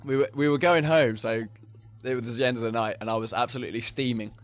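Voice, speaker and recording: A man's voice: mid-range voice, fairly even intonation, fast, no room sound. A young English man co-hosting a podcast, telling rambling drinking stories in casual chat and laughing often. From England. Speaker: podcast co-host.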